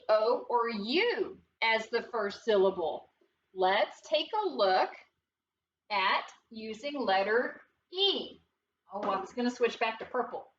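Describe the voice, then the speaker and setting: A woman teaching a phonics lesson, patient and deliberate, repeating words aloud and asking the students questions. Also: fairly high pitch, a bit bright, recorded from a distance, dull audio, slight background noise. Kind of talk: slow, deliberate classroom instruction.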